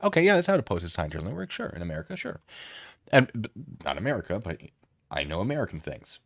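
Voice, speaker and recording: A man's voice: low-pitched, sing-song, fast talker, vocal fry, dry recording, clean studio sound. A man hosting a casual livestream, reacting with sarcastic commentary and frequent laughter. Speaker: streamer.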